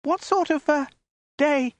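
A man voicing a terrified young peasant woman who stammers in a high squeak. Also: slow, no room sound.

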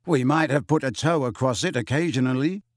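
Male reader as a breezy teenage twin prankster, offhand, mid pitch. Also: a little fast, no echo, studio quality, lightly acted.

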